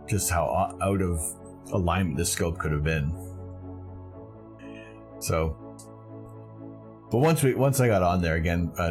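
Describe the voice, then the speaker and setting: Deep-voiced Canadian man hosting a live stream. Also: a little mellow. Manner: enthusiastic, rambling, self-correcting. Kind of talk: casual live-stream commentary.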